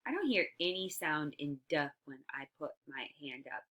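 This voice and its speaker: Woman teacher for small kids, a bit low-pitched, bright and forceful, drawn-out letter sounds and steady praise. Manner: slow, stretched-out letter sounds, encouraging. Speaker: early-years teacher. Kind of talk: recorded phonics lesson for young children.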